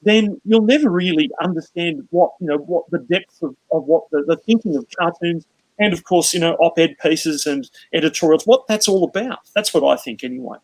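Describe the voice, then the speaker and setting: Man, panel guest, opinionated, conversational, slightly high voice. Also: moderate pace, low-quality recording. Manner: opinionated, plain-spoken. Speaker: guest cartoonist. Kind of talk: casual panel chat.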